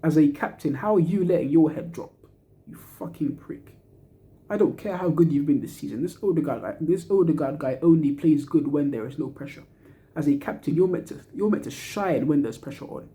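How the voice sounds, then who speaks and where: A young man lets loose an angry football rant, full of swearing and slang. His voice sits a little high, with a dark, mellow tone. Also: animated, brisk. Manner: frustrated, swearing, slang-heavy ranting. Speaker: football fan reacting to a match. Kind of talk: angry post-match fan rant.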